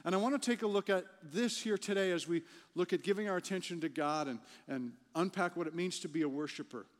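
High-voiced preacher in a reverberant hall. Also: male voice, fast talker. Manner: conversational, repeats words when building a point. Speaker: pastor. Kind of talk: sermon.

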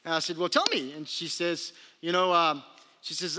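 A man's voice: fairly high pitch, normal speed. A man pastor preaching a sermon, telling stories and acting out the quotes with animation. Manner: storytelling, animated with acted-out quotes. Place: church sanctuary. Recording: long reverb of a large hall.

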